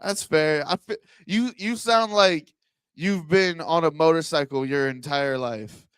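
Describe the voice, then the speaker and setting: A male stand-up comic working the crowd on a handheld mic, his fairly high voice smooth and clear. He rambles through bits and keeps breaking into laughs at his own lines. The sound is close and dry. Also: measured pace, fairly bright tone, no echo. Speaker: stand-up comedian. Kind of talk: stand-up set with crowd work. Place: comedy club stage.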